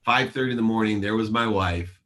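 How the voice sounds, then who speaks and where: A man's voice: on the low side, a little fast, bright, forceful tone. A man in his forties, a show host, telling his life story in an interview with earnest, emphatic delivery and acted-out dialogue.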